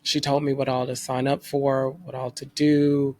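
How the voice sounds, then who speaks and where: A young man telling a personal story in a rambling, emotional way, full of fillers, speaking in fast bursts. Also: medium pitch, little pitch movement, a little mellow, slight background noise. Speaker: vlogger.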